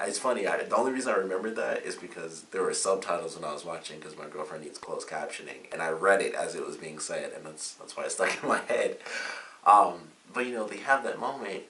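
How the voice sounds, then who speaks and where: Deep-voiced guy rambling through a tv episode recap, bright edgy tone, echoey room, sits back from the mic, faint hiss. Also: a little fast, recorded from a distance. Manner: rambling, chatty recap with many fillers. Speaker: TV episode reviewer. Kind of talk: casual spoken review.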